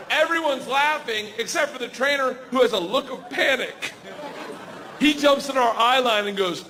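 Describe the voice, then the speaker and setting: A man in his forties telling a stand-up story, animated and yelling his punchlines, on a stage mic. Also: high-pitched, moderate pace, a crowd in the background, background noise. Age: 40s. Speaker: stand-up comedian. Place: large comedy venue. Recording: live stage mic with hall reverb and faint ambience.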